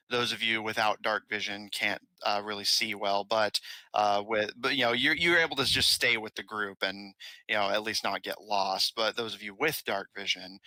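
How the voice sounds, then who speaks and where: A man narrating as game master of a tabletop game, halting with many fillers. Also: lowish voice, pushed and bright, no room sound, rough recording.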